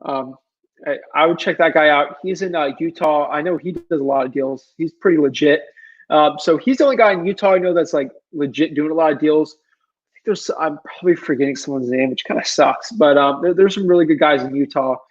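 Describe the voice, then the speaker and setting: A man's voice: a little high, brisk, dull audio. A man hosting a casual livestream Q&A, rambling and pleading, with many ums and restarts. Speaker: livestream Q&A host.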